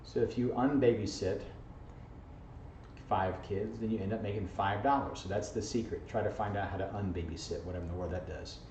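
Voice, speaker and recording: Brisk and fairly even in intonation, with a voice on the low side, a man teaches algebra playfully and jokingly, checking in with "okay?" and "right?" throughout. This informal video math lesson was captured from across the classroom, leaving dull, distant, echoey camera audio with faint hiss.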